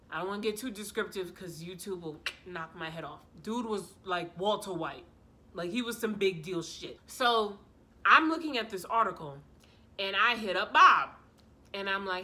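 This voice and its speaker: A woman vlogger telling a story in a casual, animated way, full of slang and sass. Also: mid-range voice, moderate pace, slight background noise.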